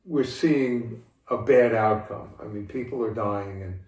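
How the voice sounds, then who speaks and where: A man's voice: on the low side, darkish tone. Older man speaking from across an echoey room. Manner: measured, deliberate, with frequent restarts. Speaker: interviewee, father of the host. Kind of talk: casual conversational interview. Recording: echoey room, mic at a distance, faint background hiss.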